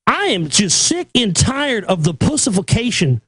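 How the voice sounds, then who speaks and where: A male talk show host delivering an angry, profane rant that keeps building toward shouting. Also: sits high, big pitch swings, normal speed, husky, dry recording. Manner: aggressive, profane, escalating to shouting.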